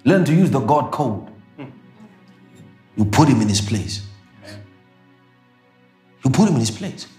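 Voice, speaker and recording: A middle-aged man preaching with big swings of pitch, jumping from low murmurs to high, bright bursts. He repeats his points for emphasis. The voice rings in an echoey room with faint music underneath. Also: very animated, unhurried, long pauses. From South Africa. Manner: emphatic, repetitive preaching with sudden shouts and laughs. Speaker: pastor. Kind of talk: sermon.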